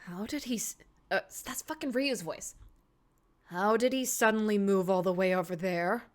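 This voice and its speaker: A woman commenting on a story game as she plays, excitable, swearing freely and laughing often, with game music behind her. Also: mid-range voice, normal speed. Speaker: let's play gamer. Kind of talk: gameplay commentary, reading dialogue aloud. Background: faint game music.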